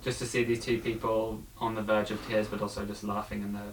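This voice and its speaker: A man with a fairly low voice, discussing a film in relaxed conversation. He speaks thoughtfully, pausing often with ums and restarts. A faint hiss sits under the recording. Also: poor audio. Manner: thoughtful, hesitant, many fillers.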